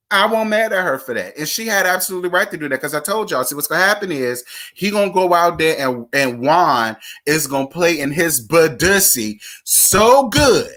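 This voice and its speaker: Sassy bright-voiced man gossiping. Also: a little high, sing-song, normal speed. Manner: sassy, dramatic, repetitive. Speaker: gossip vlogger. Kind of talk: casual reality-TV gossip chat.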